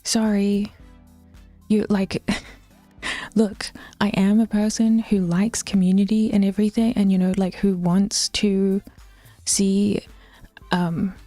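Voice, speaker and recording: Mellow half-whispering woman streamer. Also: medium pitch, little pitch movement, slow pace, long pauses, dry recording, soft background music. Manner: often half-whispered, laughing, swearing casually. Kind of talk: casual livestream chat while working out.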